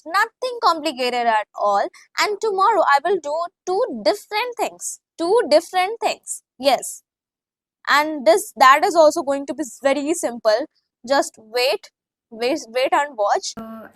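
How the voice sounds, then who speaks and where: Woman, English tutorial host, unhurried delivery, self-correcting, reassuring. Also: on the high side, poor audio. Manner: reassuring, often corrects herself mid-sentence; spells out words and demonstrates pronunciation. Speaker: English learning YouTuber. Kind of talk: casual tutorial vlog.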